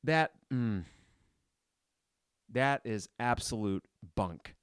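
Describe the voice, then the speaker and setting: A man's voice: mid-range voice, animated, very slow, clear, resonant tone, no room sound, clean studio sound. A man hosting a sports podcast, reacting live to a basketball game with blunt, frustrated commentary and casual swearing. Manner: blunt and frustrated, shouts at players.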